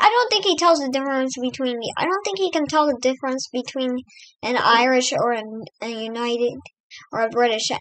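A woman's voice: sits high, dry recording, poor audio. An American woman hosting a let's play, giving casual, rambling gameplay commentary and chatting to her in-game pets. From United States.

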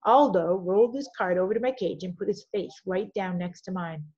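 Expressive woman reading a children's story. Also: mid-range voice, brisk, slightly rough, highs cut off. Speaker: audiobook reader. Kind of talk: reading a children's novel aloud.

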